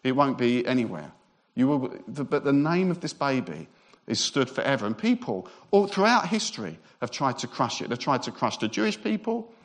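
A man preaching a sermon, lively and joking, sometimes speeding up as he gets excited. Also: medium pitch, normal speed.

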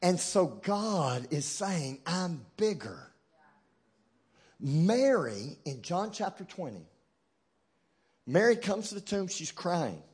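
A man with a high, husky voice preaches a sermon to a church congregation. He drops to a near hush, then climbs to loud, shouted peaks, and mixes in light humor along the way. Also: very animated, slow, long pauses. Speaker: guest preacher.

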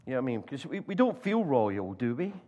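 Scottish preacher telling a lively story. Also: male voice, medium pitch. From Scotland. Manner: animated storyteller, acts out voices, halting restarts. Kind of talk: sermon with storytelling. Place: church.

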